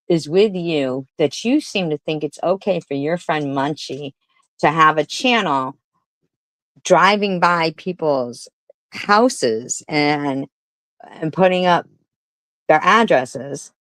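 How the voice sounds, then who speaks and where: A woman's voice: low-pitched, fairly bright tone, no echo. A woman giving blunt, sarcastic commentary on a live stream, swearing often.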